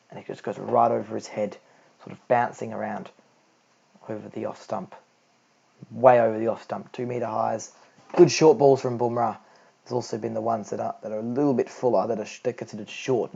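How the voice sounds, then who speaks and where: A teenage boy talks his way through a cricket match in a loose, rambling way, fixing his words as he goes. His voice has a gravelly fry, and the recording is dull and lo-fi. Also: dark tone. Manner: rambling, self-correcting, low-key. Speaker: amateur cricket commentator. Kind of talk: homemade live audio commentary.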